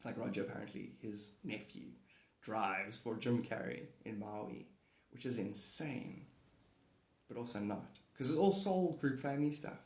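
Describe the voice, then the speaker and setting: A man's voice: lowish voice, a little slow, roomy sound. A man chatting loosely on a phone live stream, rambling between ideas and greeting viewers by name. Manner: rambling, playful, breaks into silly singing and greetings. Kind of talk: casual live stream chat.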